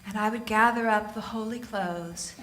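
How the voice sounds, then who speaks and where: A woman from Southern California giving a humorous inspirational talk on stage to a live audience, telling animated stories and laughing often. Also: mid-range voice, moderate pace. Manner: animated storytelling, laughing often, playful asides. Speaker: motivational speaker and author.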